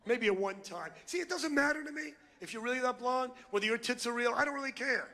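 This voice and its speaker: Middle-aged guy doing stand-up, ranting fast, gravelly rasp, hollers and insults the crowd. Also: very high-pitched, pushed and bright, big-room sound. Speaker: stand-up comedian. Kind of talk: stand-up routine. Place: comedy club before a live crowd.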